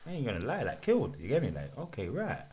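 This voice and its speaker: A young man, a podcast guest telling a lively story in casual chat. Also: medium pitch, fast. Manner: animated storytelling, quotes himself, lots of "you know what I'm saying".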